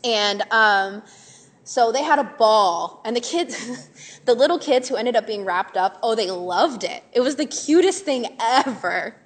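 A woman teaches a live group of church workers in a relaxed, chatty way, animated and full of fillers. Her voice sits fairly high. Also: a little slow. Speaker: Sunday school teacher giving a workshop. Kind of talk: casual talk to a live group.

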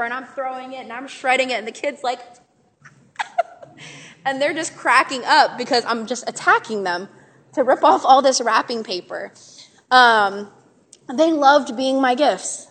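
A woman Sunday school teacher giving a chatty, animated workshop talk to a live group, full of fillers. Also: fairly high pitch.

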